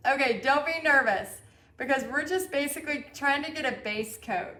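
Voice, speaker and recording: Teaching a painting lesson on a live stream, the Texan-accented instructor chats and reads comments from viewers out loud. Her high-pitched voice has a sharp edge and a moderate pace. It all echoes around the room.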